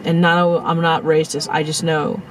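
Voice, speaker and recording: A woman vlogging in a casual storytelling style outdoors, shaken and in shock, talking fast and cursing as she retells a crash and acts out what people said. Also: sits low, slight background noise, low-quality recording. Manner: profane, animated, rants and acts out quotes. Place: outdoors near a parking lot by the beach.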